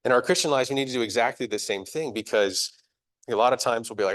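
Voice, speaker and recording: A young man gives a live church sermon in an easygoing, conversational tone. He is self-deprecating and laughs at himself as he goes. His voice sits at an ordinary middle pitch. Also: quick pace, fairly bright tone. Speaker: preacher.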